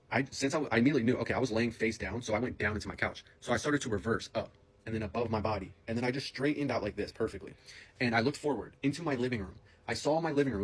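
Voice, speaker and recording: A young man telling a personal story in a casual, excitable, rambling way, full of slang and fillers, into a phone camera. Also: on the low side, slightly rough.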